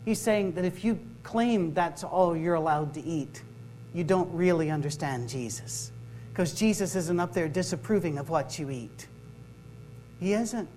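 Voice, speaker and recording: A middle-aged man with a Scottish accent giving a humorous sermon-style talk to a live audience, conversational and full of quick asides. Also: on the high side, darkish tone, faint music behind. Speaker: campus ministry speaker. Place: workshop room with a live audience.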